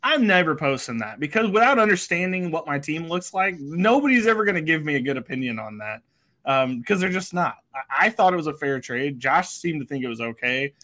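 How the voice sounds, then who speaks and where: A man's voice: fairly high pitch, expressive, fairly quick, bright, forceful tone. A man co-hosting a podcast, explaining his point at length and defending his own trade. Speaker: podcast co-host. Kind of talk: casual chat.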